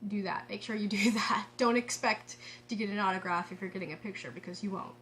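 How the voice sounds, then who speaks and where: Her pitch sits in the middle and she talks fast as this excitable, casual story from a woman vlogger unfolds with frequent laughter and restarted sentences. There's slight noise in the background.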